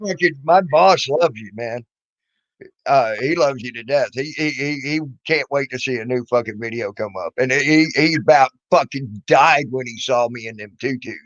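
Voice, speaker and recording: A man's voice: mid-range voice, normal speed, fairly bright tone, dry recording. Swearing middle-aged man, dull dry audio. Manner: laid-back, swears freely, stammers and repeats. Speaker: livestream host. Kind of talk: casual profane chat.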